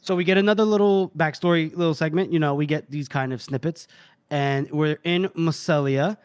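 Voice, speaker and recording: A man's voice: a little high, fairly quick, clean tone. Laughing man retelling a book chapter. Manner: laughing, swearing, acts out characters while retelling. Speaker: podcast co-host. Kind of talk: casual book discussion.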